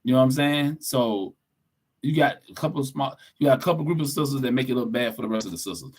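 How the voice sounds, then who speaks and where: A man's voice: medium pitch, fast talker. Blunt, preachy podcast co-host man. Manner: blunt, preachy, profane, emphatic. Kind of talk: casual opinionated podcast talk.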